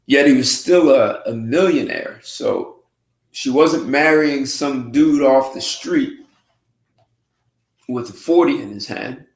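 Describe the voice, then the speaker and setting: A man hosting a casual livestream show, talking in an unhurried, musing way with frequent restarts and throat clearing. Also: medium pitch, very animated. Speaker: host. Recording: roomy echo.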